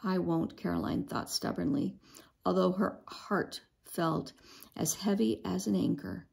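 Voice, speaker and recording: A woman reading a children's novel aloud in an expressive storytelling manner, with an occasional stumble over a word. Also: lowish voice, a little slow, creaky. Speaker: storybook reader.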